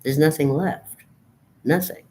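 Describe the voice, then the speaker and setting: A woman's voice: sits low, unhurried, mellow, a little hiss or hum. A woman in her fifties, depressed and weary, talking in a profane, rambling, bleak monologue to her camera. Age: 50s. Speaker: vlogger.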